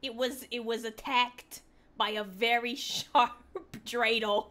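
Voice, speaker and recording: A woman's voice: on the high side, fairly even intonation, slow, sharp tone. A woman giving casual commentary on posts she reads, sarcastic and mocking, with frequent laughter. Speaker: online commentator.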